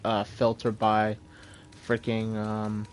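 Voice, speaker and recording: A man's voice: on the low side, completely flat delivery, slow pace, slight background noise. A man streaming a video game, chatting casually with friends and rambling through fillers. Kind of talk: casual gaming chat.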